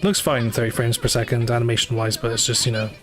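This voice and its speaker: A man's voice: mid-range voice, flat delivery, fast talker. Rambling casual male game streamer. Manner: rambling, many fillers and self-corrections, dry asides. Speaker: livestreamer playing a gacha game. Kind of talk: casual live commentary. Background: faint game music.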